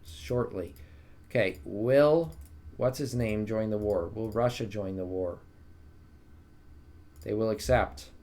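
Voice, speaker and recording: A man's voice: lowish voice, takes it slowly, long pauses, mellow. Chatty young man streaming a strategy game. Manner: chatty, jokey, talks to chat. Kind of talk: casual live-stream commentary.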